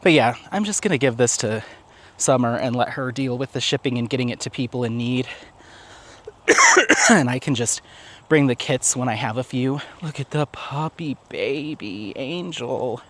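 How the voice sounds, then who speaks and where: A man's voice: mid-range voice, moderate pace, long pauses, fairly bright tone. Chatty man on a casual walk. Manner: rambling, chatty, laughs often. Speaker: vlogger. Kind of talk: casual walk-and-talk vlog. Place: outdoors on a walk.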